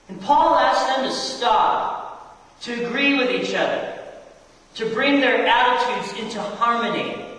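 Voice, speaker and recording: In an echoey church hall, a male pastor with a high, fairly bright voice preaches a sermon, addressing the congregation directly and asking them questions. The mic is distant.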